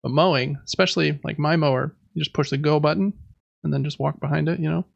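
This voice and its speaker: Gravelly man chatting on a lo-fi mic. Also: on the high side, steady tone, fast talker, no room sound. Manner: rambling, thinking aloud with many fillers. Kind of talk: casual chat.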